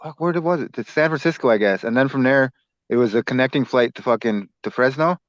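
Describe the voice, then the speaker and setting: A man's voice: mid-range voice, fairly quick, no room sound. A young man, a podcast co-host, telling stories in casual chat, rambling and swearing a lot. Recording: dull dry lo-fi sound.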